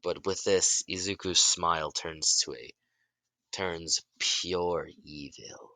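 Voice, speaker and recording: A man improvising a fan story in halting narration, often restarting his sentences and shouting out the characters' lines. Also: low voice, fairly even intonation, no room sound. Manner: halting, many restarts and self-corrections; bursts into loud shouts for dialogue.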